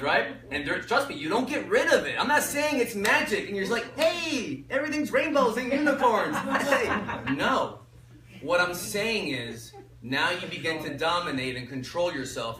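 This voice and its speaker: A man giving an energetic workshop talk, often quizzing the audience with fill-in questions. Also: fairly high pitch. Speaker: workshop speaker. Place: echoey workshop room. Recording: roomy echo, mic from far off, faint noise.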